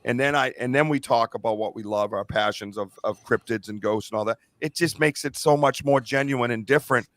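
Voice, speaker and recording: An earnest middle-aged man talking on a casual podcast, his voice catching with emotion now and then. His pitch sits in an ordinary male range. The sound is dry and close, with no room echo. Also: a little fast, few pauses, fairly bright tone. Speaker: podcast host.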